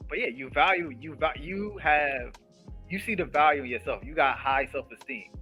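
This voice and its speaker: A man in casual chat on a podcast, talking quickly and animatedly, filling his speech with "like" and "yo" and acting out his own asides. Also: on the high side, soft background music. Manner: rapid, animated, full of "like" and "yo" with acted-out asides.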